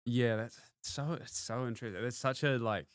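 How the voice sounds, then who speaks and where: A man's voice: medium pitch, moderate pace, clear, resonant tone, no echo, clean studio sound. A man, a comedian guest on a podcast, laid-back and self-deprecating, often trailing off mid-thought. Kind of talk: casual chat.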